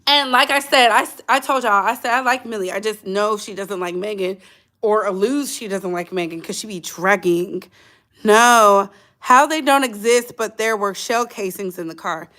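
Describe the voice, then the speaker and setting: Bright-voiced blunt woman gossip host. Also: medium pitch, normal speed. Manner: chatty and blunt, talks to chat directly. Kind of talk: casual livestream commentary.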